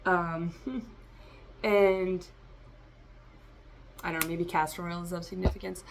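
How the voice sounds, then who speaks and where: A woman with a low, gravelly voice full of vocal fry gives a tarot reading for her vlog. She rambles and free-associates, speaking straight to her listeners, with a faint noise underneath. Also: fairly even intonation, slow pace. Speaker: tarot reader.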